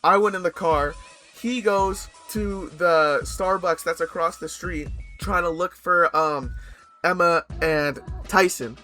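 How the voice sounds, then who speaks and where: A young man from Canada telling a story casually in a rambling, animated way, full of fillers and restarts and casual swearing. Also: high-pitched, slow pace, soft background music.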